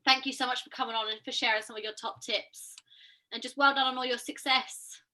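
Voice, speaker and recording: A woman's voice: fairly high pitch, fairly even intonation, fairly quick, sharp tone. A woman hosting a team training video call, upbeat and encouraging. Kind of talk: casual team-call talk.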